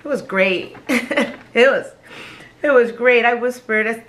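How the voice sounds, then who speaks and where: A woman's voice: fairly high pitch, a bit bright. Emotional woman telling a personal story. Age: adult with children. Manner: emotional, halting, repeats words, laughs between phrases. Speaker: vlogger sharing a personal story.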